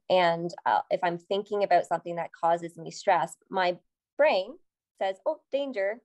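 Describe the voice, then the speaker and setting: Calm Canadian woman explaining steadily. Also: on the low side. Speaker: psychotherapist guest. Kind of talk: explanatory conversation.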